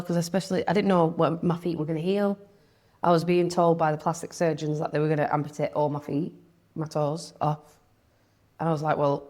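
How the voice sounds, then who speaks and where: A woman's voice: sits low, darkish tone. A young woman, talking candidly as an interview guest, chatty, with lots of "like" and quoted thoughts.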